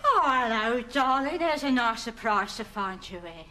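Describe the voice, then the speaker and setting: A woman's voice: fairly high pitch, lively intonation, normal speed, over music, close to an everyday voice. A woman playing a chatty, blunt, gossipy elderly grandmother in a comedy sketch. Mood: fond. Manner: chatty, dropping sly asides.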